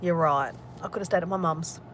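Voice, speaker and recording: A woman's voice: fairly low pitch, fairly quick, slight background noise. A woman vlogging in casual talk, candid and emotional, and swearing freely.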